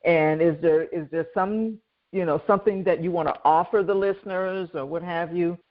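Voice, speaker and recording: A woman's voice: lowish voice, steady tone, normal speed, narrow, tinny audio. A woman hosting a podcast interview, encouraging and affirming her guest with frequent murmurs of agreement. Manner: encouraging, lots of backchannel "mm-hmm". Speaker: podcast host. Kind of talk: casual interview chat.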